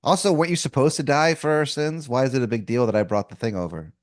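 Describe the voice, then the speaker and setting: A man co-hosting a podcast, tossing out quick, incredulous objections in casual improv banter. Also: mid-range voice, no echo, studio quality. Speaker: podcast co-host.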